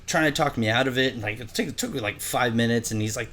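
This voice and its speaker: A young man casually telling a story on a podcast, acting out quotes in higher voices. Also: quick pace. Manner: animated storyteller, acts out quotes in high voices. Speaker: podcast co-host.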